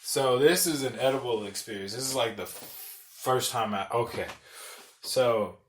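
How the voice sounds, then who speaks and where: A man's voice: mid-range voice, normal speed, slight background noise. A young man, a podcast host, telling a loose, profane story in casual chat and laughing as he goes. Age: young adult.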